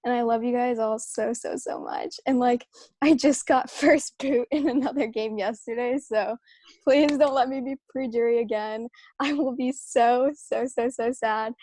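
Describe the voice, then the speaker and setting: Woman contestant, pleading and rambling, mellow tone, dry sound. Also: on the high side, steady tone, measured pace, dry recording. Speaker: game contestant. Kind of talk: casual eviction plea.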